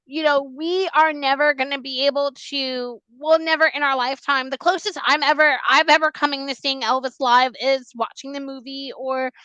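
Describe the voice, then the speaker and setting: Podcast host lady gushing away, high bright voice, super dry sound. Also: moderate pace, few pauses, dry recording, low-quality recording. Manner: gushing, animated and emphatic. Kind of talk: casual podcast chat.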